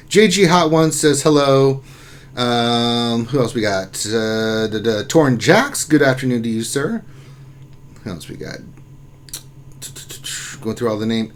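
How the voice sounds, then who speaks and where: A man with a mid-range voice hosts a relaxed lunchtime live stream, chatting loosely and reading viewers' names and messages aloud. He often trails off into quieter asides.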